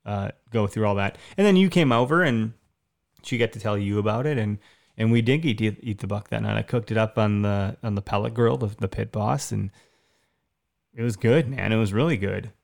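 Gravelly podcast co-host, a man in his thirties who tells stories eagerly and restarts often. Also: fairly low pitch, normal speed. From Wisconsin. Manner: excited storyteller, many restarts. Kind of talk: casual chat, storytelling.

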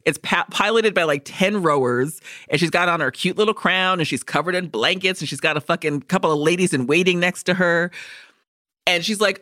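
A woman co-hosting a movie podcast, recapping a film's plot in a profane, animated way and acting out the characters' lines. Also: on the low side, brisk, no room sound, clean studio sound. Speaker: podcast co-host. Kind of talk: casual movie discussion.

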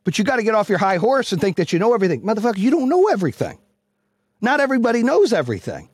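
A man hosting a podcast who gives a loud, blunt, profane motivational speech, yelling to fire up his listeners. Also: sits high, very animated, racing, breathy edge, no room sound. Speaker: podcast host and business coach.

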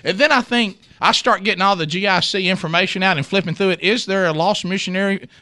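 A man's voice: high-pitched, fast talker, pushed and bright, no room sound. A man hosting a morning radio show, rambling through a funny story and acting out the quotes with laughter. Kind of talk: casual morning radio chat.

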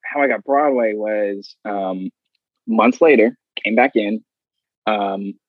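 A man with a husky, slightly breathy voice tells stories casually and acts out other people's lines with energy. The sound is dry and close, in a dull, slightly muffled recording. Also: fairly low pitch, slow pace, no echo. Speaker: guest. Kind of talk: casual storytelling.

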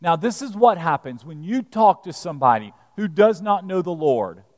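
A man's voice: high-pitched, expressive, moderate pace. A man preaching a sermon in a conversational, storytelling way. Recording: reverberant church hall.

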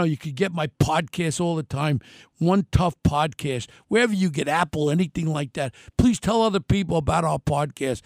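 Ranting older New man, gravelly. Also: no room sound, studio quality. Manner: ranting, shouting at times, then dropping low. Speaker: radio and podcast host. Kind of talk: impassioned political monologue.

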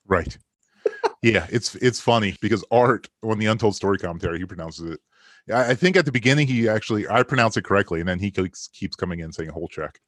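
Forties guy from maryland, lowish voice, rambling stories w laughs, dead dry mic. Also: expressive, fast talker, fairly bright tone, no room sound. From Maryland, USA. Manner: rambling storyteller, laughs often. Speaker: podcast guest, film commentary maker. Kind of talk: casual podcast chat.

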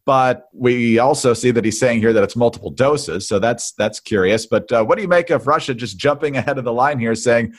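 A man with a mid-pitched voice co-hosting a political podcast. He reads out news items steadily and then turns them into questions for his co-host. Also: brisk, hardly any pauses. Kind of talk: political commentary chat.

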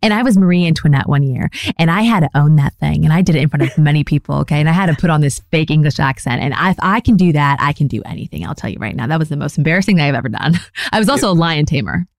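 A woman's voice: low-pitched, lively intonation, rapid-fire, gravelly, dry recording, clean studio sound. A young adult woman hosting a podcast, chatting casually and rambling with lots of fillers. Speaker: podcast host.

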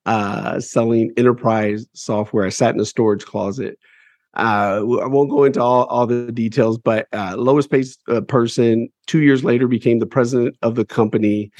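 Heard with no room sound, this publishing company head speaks in a mid-range voice at a normal speed. As an interview guest in a relaxed setting, he lays out his life story frankly and forcefully, cursing openly and repeating himself to drive points home.

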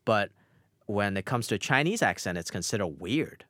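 A man's voice: fairly low pitch, expressive, normal speed, fairly bright tone, dry recording, clean studio sound. A young man, an immigrant actor and author, answering interview questions earnestly with frequent fillers. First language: immigrant, grew up outside America.

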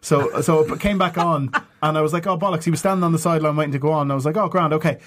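Sweary, laughing football pundit. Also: male voice, a little high, rapid-fire, a little hiss or hum. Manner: laughing, sweary, animated storytelling. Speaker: football podcast host. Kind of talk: casual football chat.

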